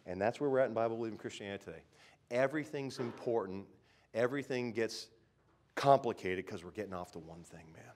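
A middle-aged man preaching a sermon in a church, conversational, swinging between loud pronouncements and muttered asides and acting out mocking quoted voices. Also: lowish voice, a little fast, slight background noise. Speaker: pastor. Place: church sanctuary.

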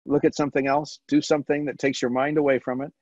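Halting man giving a webinar talk. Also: mid-range voice, little pitch movement, a little mellow, no echo. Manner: halting, with frequent ums and restarts. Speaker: webinar presenter on stress management. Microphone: video call. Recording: dull lo-fi webinar audio, dry.

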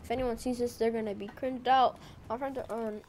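A woman giving casual, rambling gaming commentary, excitable and full of slang as she plays. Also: fairly high pitch, a little fast, slight background noise. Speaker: gaming video creator.

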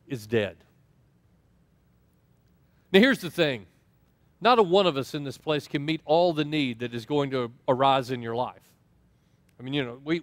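Higher-voiced man preaching a sermon. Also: no room sound. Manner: storytelling, acts out quoted dialogue with lively swings. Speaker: pastor.

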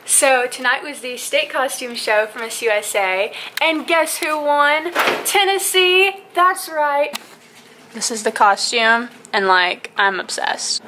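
Excitable young woman vlogging, high bright voice, loud crowd noise all around. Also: slow pace. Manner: bubbly, gushing, excitable. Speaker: pageant titleholder vlogger. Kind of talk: casual vlog to camera. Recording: noisy event with chattering crowd.

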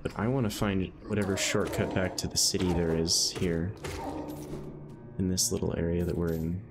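A young man with a notably low voice streams a game and chats to his viewers. He rambles easily, dropping plenty of fillers between thoughts. Game music plays clearly behind him. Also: little pitch movement, moderate pace. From Northeastern United States. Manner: rambling, easygoing, many "um"s and "like"s. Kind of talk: casual live-stream commentary while gaming.

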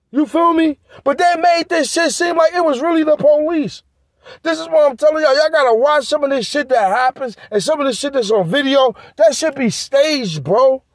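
A man's voice: very high voice, dry recording, studio quality. A man vlogging in a heated, profane rant aimed straight at his viewers. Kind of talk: ranting monologue to camera.

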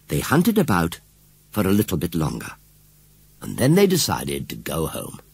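Husky, animated male storyteller. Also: low voice, moderate pace, no echo. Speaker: audiobook reader. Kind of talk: storybook narration.

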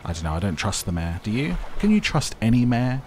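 Low-voiced man playing a game. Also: big pitch swings, fairly quick, a little mellow, a little hiss or hum. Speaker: gameplay video host. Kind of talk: casual let's-play commentary. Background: game music.

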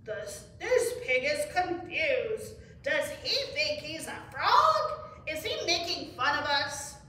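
A woman's voice: high voice, very animated, takes it slowly, bright, forceful tone, a little hiss or hum, exaggerated voice. A woman playing a huffy chorus of frogs. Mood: indignant. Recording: echoey room, far from the mic.

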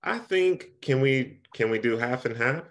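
A man who teaches and writes poetry, giving calm, reassuring advice in a workshop over a video call. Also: mid-range voice, measured pace. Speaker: teacher and poet.

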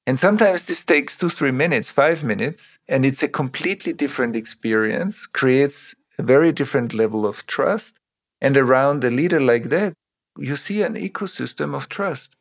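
Middle-aged male guest, mid-pitched, measured and reflective; draws on personal examples. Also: vocal fry. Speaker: interview guest, trauma teacher. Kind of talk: reflective interview talk.

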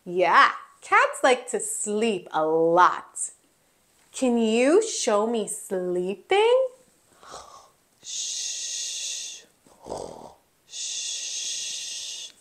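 A woman's voice: mid-range voice, sing-song, extremely slow, fairly bright tone. A woman teaching toddlers first words in a playful, exaggerated sing-song voice, with gasps and animal sounds.

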